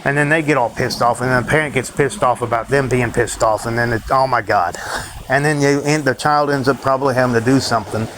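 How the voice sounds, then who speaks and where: A vlogger delivers a ranting monologue to his viewers, bitter and worn out, swearing often and letting out dry laughs between complaints. His voice is ordinary middle pitch and quick, the audio is poor, and steady noise with passing vehicles runs behind him.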